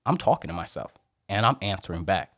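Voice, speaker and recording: A man speaking as a podcast guest in a casual interview, emphatic and preaching, with big swings in pitch and loudness. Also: animated, fast talker, no room sound, studio quality.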